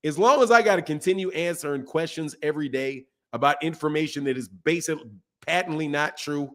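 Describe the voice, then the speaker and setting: A man with a fairly high voice riffs on a live stream in blunt, casual slang. He circles back to the same phrases again and again to hammer a point home, swinging between rising emphasis and low, muttered asides. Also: a little fast. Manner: blunt, animated, repeats himself for emphasis. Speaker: boxing channel host. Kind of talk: casual livestream commentary.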